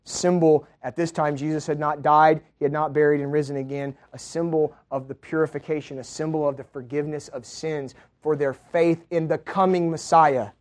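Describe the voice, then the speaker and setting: A male preacher delivering a sermon, moving from quiet teaching to loud proclaiming. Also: fairly even intonation, normal speed, hardly any pauses. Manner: builds from low, quiet teaching to loud, high-pitched proclaiming.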